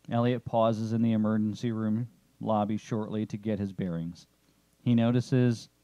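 A man narrating a story chapter in a steady, descriptive way. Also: fairly low pitch, no echo, low-quality recording.

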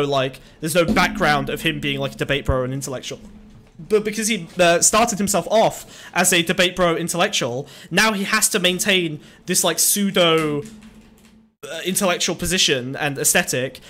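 A podcast host with a fairly high male voice, chatting casually. He teases, swears and breaks into exaggerated repeats and giggles. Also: sharp tone.

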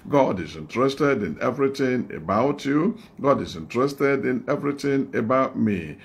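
A man's voice: mid-range voice, animated, moderate pace, few pauses. A male evangelist with a Nigerian English accent delivers a sermon in a mid-range voice. He drives his points home through repetition and rhetorical questions, pressing the listener with exhortations. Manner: repetitive, exhortative, call-and-response phrasing. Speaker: evangelist preacher.

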